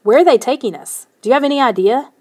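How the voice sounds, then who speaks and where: A woman voicing a daring, excited boy who talks eagerly and shouts when scared in an audiobook. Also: high-pitched, quick pace, voice pushed up. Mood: frightened shouting.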